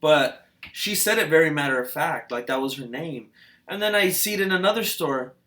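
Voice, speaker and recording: A man hosting a reaction video, talking in a casual, rambling way with many fillers and restarts, musing and asking questions out loud. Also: on the high side, expressive, normal speed. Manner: hesitant, full of fillers and restarts.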